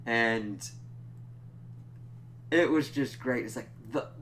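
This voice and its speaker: Slow and medium-pitched, this young man's fairly bright voice comes with a little hiss or hum on the recording. He casually reviews a TV episode, rambling and cursing as he performs bits of dialogue.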